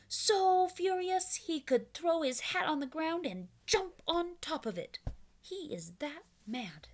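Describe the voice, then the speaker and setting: A woman reading a picture book aloud to preschoolers, pausing to explain words and invite the children to join in. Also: very high-pitched, expressive. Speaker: children's storyteller.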